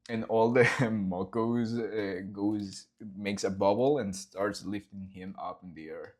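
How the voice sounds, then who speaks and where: Lively man explaining his storyboards. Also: lowish voice, takes it slowly, hardly any pauses. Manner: enthusiastic, acts out scenes with sound effects and swearing. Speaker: animator walking through his storyboards. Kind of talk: casual behind-the-scenes vlog.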